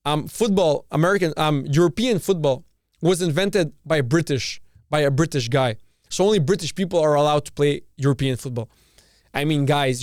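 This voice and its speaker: A man from Canada hosts a podcast as a casual, profane rant, often repeating and restarting his phrases. His voice sits a little high and sounds smooth and clear. The recording is dry and close. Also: a little mellow, dry recording. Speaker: podcast host. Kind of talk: casual opinion monologue.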